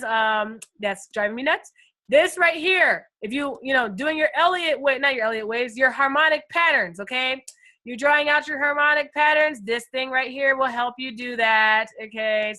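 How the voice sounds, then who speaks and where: A woman teaching a live trading lesson on screen, excitable and chatty, talking straight to her viewers and swinging from loud bursts to quiet asides. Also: high voice, normal speed. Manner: addresses viewers as guys and first timers. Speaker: trading instructor.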